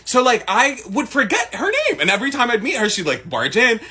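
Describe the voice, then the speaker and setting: A young man from the Middle East telling a casual storytime, animated and swearing freely. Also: very high-pitched, fairly quick, husky.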